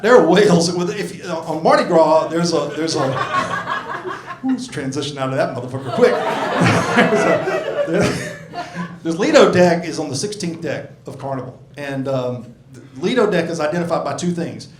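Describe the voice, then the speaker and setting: A man's voice: on the high side, big pitch swings, normal speed, noisy background. A man in his sixties doing a stand-up comedy set in a club, rambling, profane and self-mocking, working the crowd. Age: 60s. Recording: echoey club room.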